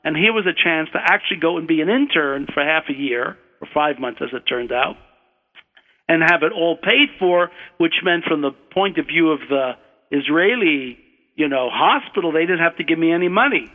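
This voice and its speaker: An older man with an American accent tells a digressive personal story at an unhurried pace, often backing up to correct himself. His voice sits somewhat high. The sound is narrow and phone-like, with a long, echoing reverb. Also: animated. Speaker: storyteller, guest. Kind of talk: personal anecdote on radio. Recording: tinny phone-like radio line with long hall reverb.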